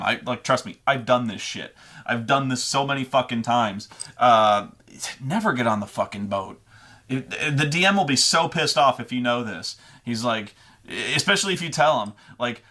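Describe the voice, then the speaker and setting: A man's voice: mid-range voice, brisk, bright, forceful tone. A man who runs tabletop games, talking casually and giving advice in a rambling, profane way with stammering restarts. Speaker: dungeon master giving gaming advice. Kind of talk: casual unscripted monologue.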